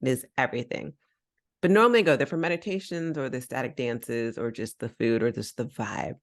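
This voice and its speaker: Low-voiced woman telling lively stories. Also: brisk. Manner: animated, acts out voices in her stories. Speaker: podcast host. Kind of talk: casual storytelling chat.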